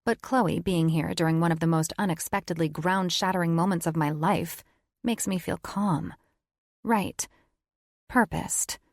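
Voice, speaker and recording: Woman reading a romance audiobook, kinda low voice, dry close sound, wry chatty tone. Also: measured pace, no room sound. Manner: wry, conversational inner monologue. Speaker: audiobook narrator. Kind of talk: first-person romance audiobook narration.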